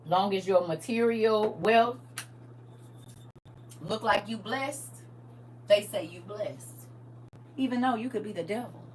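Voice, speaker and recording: A woman hosting a live-streamed Bible study, preaching in a lively, playful way and answering viewers' comments. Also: medium pitch, slow pace, pauses often, a little hiss or hum.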